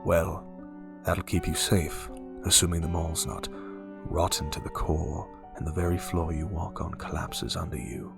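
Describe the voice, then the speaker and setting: A man voicing a quiet, worried man in his late fifties with a Liverpool accent, speaking in grave, half-whispered warnings. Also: low voice, fairly even intonation, a little slow, gravelly, over music. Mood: disapproving. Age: 50s.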